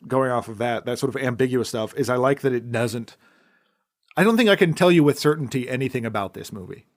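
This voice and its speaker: A man co-hosting a podcast, talking casually about a film in long rambling stretches that often drop off quietly. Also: medium pitch. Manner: rambling, trails off into quiet asides. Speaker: podcast co-host.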